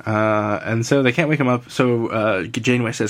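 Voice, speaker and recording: A man's voice: medium pitch, steady tone, moderate pace. A man casually recapping a TV episode, rambling and laughing often. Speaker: podcast co-host recapping an episode. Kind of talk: casual chat.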